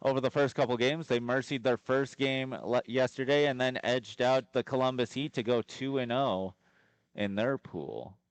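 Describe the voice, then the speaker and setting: A man's voice: medium pitch, normal speed, clear, resonant tone, no echo. Easygoing man giving joking color commentary. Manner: relaxed, joking asides. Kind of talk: live hockey commentary. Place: ice arena broadcast.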